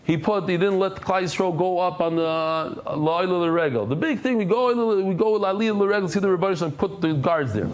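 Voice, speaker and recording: A male Daf Yomi teacher speaks high and a bit fast, with hardly any pauses, during a Talmud class. He narrates animatedly, playing out each character's voice and using Hebrew and Yiddish terms.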